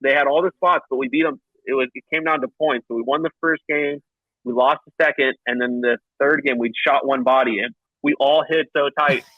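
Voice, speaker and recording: Animated man on a dull call line. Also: a little fast, dry recording. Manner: animated, acts out quotes with pitch jumps and frequent restarts. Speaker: podcast guest, professional paintball player. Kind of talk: casual storytelling chat. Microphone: remote call line.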